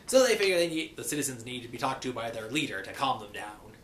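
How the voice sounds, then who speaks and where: A man recapping a cartoon episode in a playful pirate persona, saying "be" for "is" and slipping into quick voices for the characters. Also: mid-range voice, very animated, a bit bright. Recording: echoey room with faint hiss.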